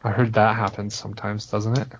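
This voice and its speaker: A man's voice: on the low side, level tone, fairly quick, a little hiss or hum. Guy playing his character, eager and asking lots of questions, kinda muffled lo-fi audio. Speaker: player. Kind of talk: playing a character in a tabletop game.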